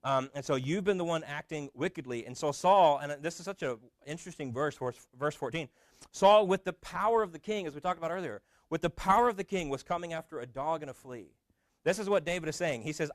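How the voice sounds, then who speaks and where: A man's voice: a little high, quick pace, no echo. A man preaching a sermon as pastor in a conversational way, often restarting with fillers.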